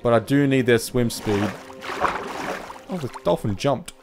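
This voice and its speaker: A man's voice: mid-range voice, measured pace. A man giving panicky, swear-filled let's play commentary while he plays a video game. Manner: excitable, panicky, swears often. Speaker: gaming video host. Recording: game music playing behind. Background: game music and water sounds.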